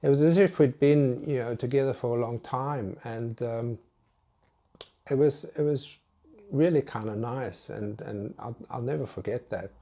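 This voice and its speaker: A man's voice: medium pitch, mellow. A British man telling a personal story to camera in a casual, hesitant way, often restarting his sentences. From United Kingdom. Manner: hesitant, halting, with many restarts. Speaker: vlogger.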